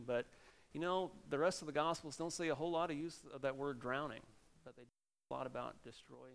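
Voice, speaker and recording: A middle-aged man, a pastor, giving a sermon in an animated preaching manner with sudden loud exclamations. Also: on the high side, quick pace, gravelly.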